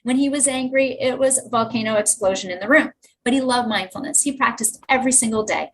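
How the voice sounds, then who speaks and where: A woman teacher, appearing as a guest on a podcast interview, enthusiastically tells classroom stories full of lively asides. Her voice is on the high side and fast, and the recording is rough with slight background noise.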